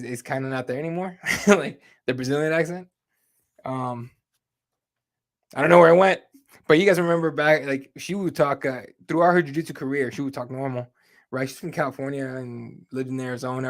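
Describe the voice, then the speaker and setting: A man hosting a casual live chat show, talking loosely with plenty of fillers and free swearing. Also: mid-range voice. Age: adult with kids. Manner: loose and conversational, swears freely, many fillers. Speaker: host.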